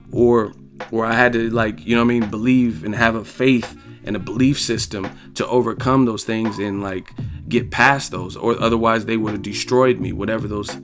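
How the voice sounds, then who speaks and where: A man at a mid-range pitch talks bluntly and candidly in loose, slang-heavy speech, often checking in with "you know what I'm saying". Faint music plays softly behind him. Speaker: vlogger answering viewer questions. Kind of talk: casual opinion monologue.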